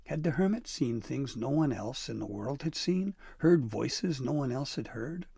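A man reading a children's storybook aloud with expressive narration. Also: mid-range voice, a little slow, creaky, breathy edge, no echo, studio quality.

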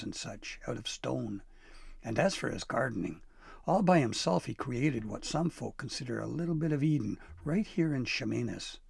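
A man voicing a kindly old grandfather who jokes and teases gently, in a storybook reading. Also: mid-range voice, gravelly, breathy edge, no echo, studio quality, full character voice. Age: older. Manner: gentle teasing, folksy.

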